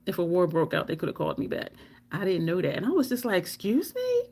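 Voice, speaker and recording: Animated laughing woman telling stories. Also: fast talker, creaky, slightly rough. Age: middle-aged. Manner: animated, laughs often, mimics others in a squeaky voice. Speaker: storytelling vlogger. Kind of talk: casual personal storytelling.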